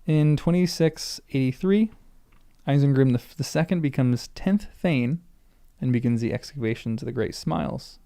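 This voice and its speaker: A man reads a book aloud for the first time, now and then stumbling over a name and pausing to think it through out loud. His voice is smooth and resonant, with a low gravelly edge and a mellow, relaxed tone. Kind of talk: reading aloud with reactions.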